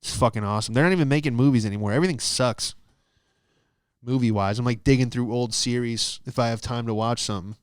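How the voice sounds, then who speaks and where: A man's voice: mid-range voice, fast talker, clear, resonant tone, no room sound, clean studio sound. A man doing a casual comedy monologue on his podcast. He talks in a rambling, profane way and keeps losing his train of thought. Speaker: stand-up comedian and podcast host.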